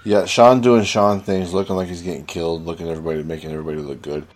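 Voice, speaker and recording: A man's voice: low voice, fairly even intonation, very fast. A man co-hosting a casual wrestling podcast, speaking hesitantly with restarts and trailing thoughts. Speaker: podcast co-host.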